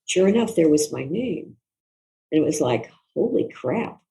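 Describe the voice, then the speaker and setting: An older woman, a guest author, recalling a personal story in an interview in a reflective, soft-spoken, earnest way. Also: low voice, big pitch swings, moderate pace, poor audio.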